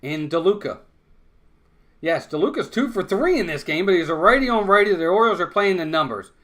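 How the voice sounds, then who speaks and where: A man calling a live baseball game play-by-play, conversational and quick to get worked up over big plays and errors. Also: sits high. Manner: conversational, excitable on big plays, blunt criticism. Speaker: fan play-by-play commentator.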